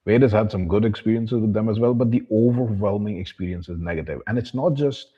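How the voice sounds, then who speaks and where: Low husky man ranting bluntly. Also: fast talker, warm tone, highs cut off. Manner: refers to himself in the third person; blunt, profane, contemptuous ranting. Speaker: vlogger. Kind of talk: monologue to camera.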